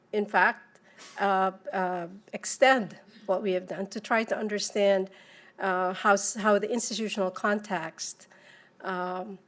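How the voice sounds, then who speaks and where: A woman presenting at a conference podium, halting, with many repeats and restarts. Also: mid-range voice, a bit bright. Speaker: panel presenter.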